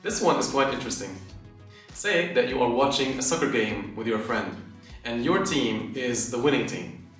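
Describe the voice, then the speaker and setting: A man teaches phrases one at a time and repeats each word slowly so it can be followed. He sounds far from the mic in a very echoey room. Faint music plays underneath. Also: medium pitch, animated, fairly bright tone. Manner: explains step by step, repeats words slowly. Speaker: Arabic dialect teacher. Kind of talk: language lesson video.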